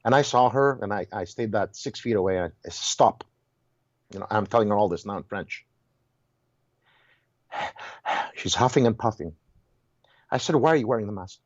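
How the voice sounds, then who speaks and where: A man's voice: fairly low pitch, moderate pace, pauses often, dry recording, muffled recording. A man talking as a guest in a heated casual conversation, telling stories emphatically and restarting his words often. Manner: animated storyteller, repeats and restarts words, exclaims.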